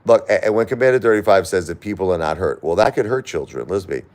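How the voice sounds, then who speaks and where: Man, very deep low voice, middle-aged, grieving, halting, repeats words, live-stream talk. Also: animated, darkish tone. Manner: halting, repeats words, grief-stricken and pleading. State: crying. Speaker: live streamer reading viewer chat.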